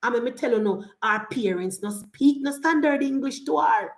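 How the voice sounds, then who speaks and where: A woman's voice: high voice, lively intonation, moderate pace, roomy sound. Fiery Jamaican woman ranting in patois. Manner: fiery, switches between patois and standard English. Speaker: political commentator. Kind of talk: heated political rant.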